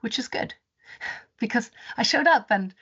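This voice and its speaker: A woman presenting a webinar as a rainforest advisor. She tells her story in an animated way and often restarts her sentences. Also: on the high side, unhurried, husky. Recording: dull lo-fi webinar audio.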